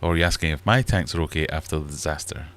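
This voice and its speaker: He speaks very fast in a bass voice with a slightly bright edge. The man, middle-aged, hosts a rambling, self-mocking livestream chat from the small, warm fish room in his house.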